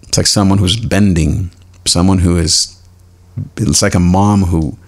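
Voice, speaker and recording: A man hosting a devotional podcast, animated and self-mocking, who explains Hebrew words slowly and laughs often. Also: sits low. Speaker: podcast host.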